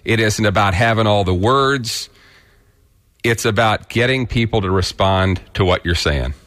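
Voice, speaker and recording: Blunt radio host with a rural Kansas accent. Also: male voice, lowish voice, unhurried, a bit bright. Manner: blunt, folksy and emphatic. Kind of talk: opinion commentary monologue.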